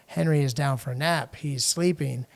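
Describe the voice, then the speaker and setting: A middle-aged man from the United States, a podcast guest telling a personal story in a halting way, with frequent restarts and fillers. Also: medium pitch, gravelly. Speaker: podcast guest, international lawyer.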